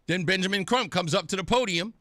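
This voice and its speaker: A man's voice: sits high, fast, no echo, clean studio sound. A man hosting a talk radio show, delivering an opinionated, mocking monologue and acting out other people's voices. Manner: animated, mocking, acts out voices.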